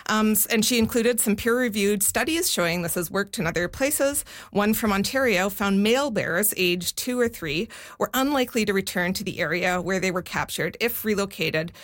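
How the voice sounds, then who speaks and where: A woman's voice: mid-range voice, normal speed, few pauses. A woman giving a conversational radio news report, explaining things step by step with frequent fillers.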